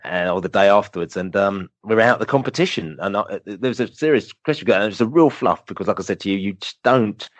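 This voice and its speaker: A man, a podcast guest telling animated, rambling football fan stories full of fillers. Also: lowish voice, fast talker, hardly any pauses, no room sound. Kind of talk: casual storytelling interview.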